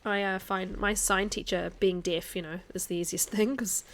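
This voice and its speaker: A woman's voice: medium pitch, steady tone, normal speed. A woman streaming a video game, chatting casually with her viewers, answering their comments and laughing often. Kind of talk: casual live-stream chat while playing.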